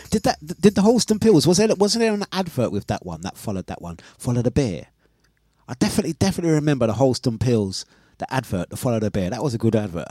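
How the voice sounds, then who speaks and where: Dj bloke chatting on the morning show, laughs a lot, dry close mic. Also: male voice, lowish voice, darkish tone, no room sound. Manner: chatty, reads out listener messages, laughs often. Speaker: radio DJ and host. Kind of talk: casual breakfast radio chat.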